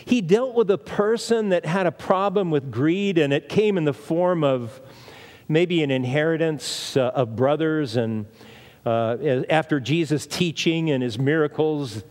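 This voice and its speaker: Man, preacher, sermon, emphatic, repeats himself, rhetorical questions, slightly high voice, long hall reverb. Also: unhurried.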